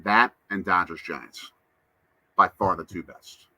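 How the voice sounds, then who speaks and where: A man's voice: deep voice, slow pace, bright, forceful tone, no room sound. A man hosting a casual live stream, chatting to viewers and reading out their comments. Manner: chatty, answers chat comments. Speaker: livestream host.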